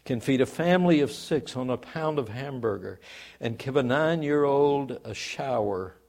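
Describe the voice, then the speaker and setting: The Lord as a proud, patient Creator, read aloud by a male preacher. He rattles off lists briskly, slightly raised. The voice has a gravelly edge. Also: mid-range voice, expressive, darkish tone. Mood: earnest.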